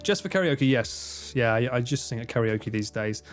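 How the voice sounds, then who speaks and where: A man from Essex, England, speaking with an Essex accent, chats casually on a live stream from his home in Japan. His medium-pitched voice is animated at a moderate pace, and he's self-deprecating while thanking viewers by name. Soft music plays in the background.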